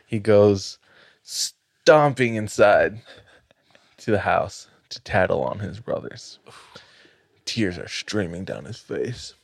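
A man hosting a podcast spins a spooky tale in a measured, dramatic way. His voice sits very low and he takes his time. The recording is close and dry. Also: expressive, creaky, no echo. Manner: measured, dramatic storytelling with light laughs. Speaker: podcast host. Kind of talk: telling a spooky story on a podcast.

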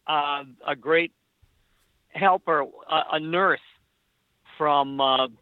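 A man's voice: on the high side, fairly even intonation, very slow, dry recording. Wry older man, lo-fi line. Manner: wry, storytelling, many restarts. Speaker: political writer, podcast guest. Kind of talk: casual interview chat. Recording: dull lo-fi remote line.

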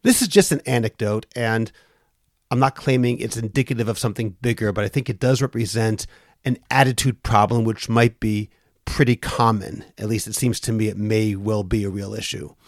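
A man's voice: on the low side, moderate pace, no room sound, studio quality. A man hosting a podcast, telling an anecdote in an earnest conversational way. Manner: earnest, storytelling with acted quotes. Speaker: podcast host. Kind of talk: conversational storytelling.

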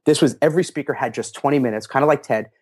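A middle-aged man, a guest in a casual interview, telling animated stories and acting out quotes in a raised voice. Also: mid-range voice, racing. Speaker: interview guest, fitness marketer.

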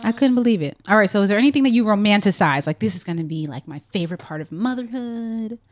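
A woman in her thirties, a podcast co-host, chatting casually and telling animated stories about her kids. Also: mid-range voice, fast, slight background noise. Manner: animated storyteller, drawls "y'all" and "girl". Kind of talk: casual chat.

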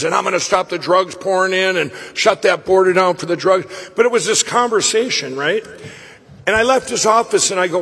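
A man with a husky, high voice tells a personal story at a live summit. He talks excitably and rambles, stumbling and restarting. The sound carries a long reverb from a large hall. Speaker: event speaker. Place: summit venue, stage.

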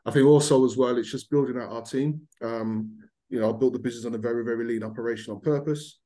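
A man from Birmingham with a mild Birmingham accent, speaking as a founder in a casual podcast interview in a measured, businesslike way. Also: medium pitch, steady tone, mellow. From Birmingham, England. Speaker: startup founder guest.

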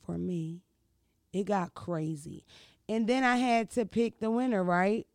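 A brash woman with a gravelly rasp chats and tells stories in a loud, profane, animated manner. Her mid-range voice moves a little slowly, and the recording is dry and close with no room sound.

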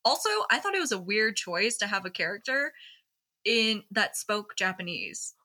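A woman in casual podcast chat, blunt and animated, laughing often. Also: mid-range voice, normal speed. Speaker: co-host.

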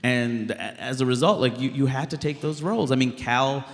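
A man's voice: mid-range voice, brisk. A man in his thirties from Queens, New York, a stand-up comedian talking bluntly in a live stage interview with lots of "like" fillers. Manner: blunt, animated, many "like" fillers. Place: live show stage in a hall. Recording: reverberant live hall.

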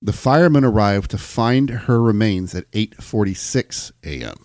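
An American man with a fairly low voice reads long accounts aloud for a chatty podcast, tripping over a word here and there and restarting. The sound is dry and close, with no room in it. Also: expressive, normal speed, a little mellow, dry recording. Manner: reads long passages, stumbles and restarts, jokes along. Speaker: podcast co-host. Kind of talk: casual chat, reading aloud.

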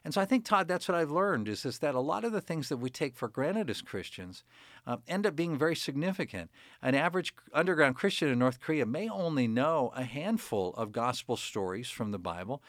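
A man, a pastor guest in an interview, telling stories earnestly with frequent pauses and fillers. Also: fairly high pitch, sing-song, a bit bright, no echo, clean studio sound. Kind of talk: conversational interview.

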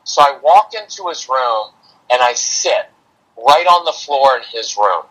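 A man's voice: mid-range voice, unhurried, husky, poor audio. A middle-aged man, a parenting coach, telling a personal story in a podcast interview and acting out what he and his son said. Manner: animated, acts out quotes of himself and his son.

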